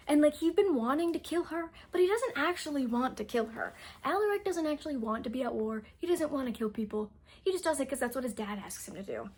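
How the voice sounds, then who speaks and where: A woman's voice: high-pitched, expressive, brisk, darkish tone, slightly rough. A young adult woman casually recapping a novel's plot as a book reviewer, rambling and saying "like" constantly. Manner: rambling, heavy use of "like".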